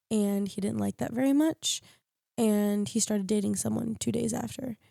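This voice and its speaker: A woman's voice: mid-range voice, steady tone, moderate pace, gravelly, warm tone, dry recording, clean studio sound. A young woman on a podcast panel, candidly telling a personal story in casual chat and acting out what others said. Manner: candid storytelling, acts out quoted lines.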